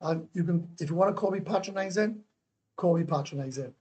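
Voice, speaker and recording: A man's voice: a little high, fairly quick, darkish tone. A man with a Welsh accent chatting casually on a livestream, bluntly answering viewer comments, swearing freely and repeating himself. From Wales. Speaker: livestream host. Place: indoors, living in Thailand.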